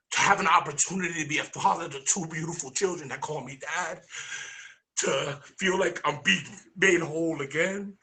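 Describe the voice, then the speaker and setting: An energetic, earnest man sharing a personal testimony as a guest, sometimes repeating words as he gathers himself. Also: a little high.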